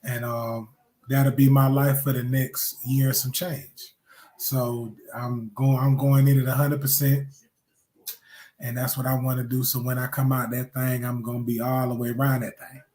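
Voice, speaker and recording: A man's voice: medium pitch, flat delivery, normal speed, a little mellow. A man hosting a podcast, bantering in a loose, joking, crude way. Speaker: podcast host. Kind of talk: casual podcast chat. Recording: echoey room.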